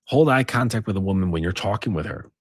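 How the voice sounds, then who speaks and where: Male coach, low husky voice, lively pitch, dry close sound. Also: fast talker, dry recording. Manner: insistent, repeats tag questions. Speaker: dating coach. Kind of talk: casual advice monologue.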